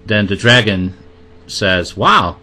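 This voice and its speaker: A man hosting a talk show, speaking in an unhurried way with some hesitant fillers. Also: fairly low pitch, pushed and bright. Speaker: show host. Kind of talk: casual radio talk.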